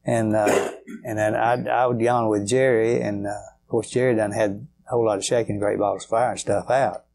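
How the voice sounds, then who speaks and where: An older man appears as a guitarist guest in an interview, spinning rambling, folksy stories packed with fillers. His voice sits lowish and gravelly with a slight mellowness, and he keeps a steady tone at a moderate pace.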